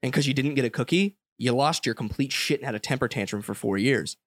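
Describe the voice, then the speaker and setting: A man's voice: medium pitch, quick pace, no echo, clean studio sound. Blunt young American man telling stories. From United States. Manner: blunt and animated storytelling, with casual swearing. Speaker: podcast guest. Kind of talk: casual conversation.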